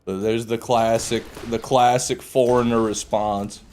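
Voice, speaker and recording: A man's voice: mid-range voice, little pitch movement, unhurried, a little mellow, soft background music. A young man streaming a game, ranting sarcastically and swearing as he answers chat. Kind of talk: casual live-stream commentary.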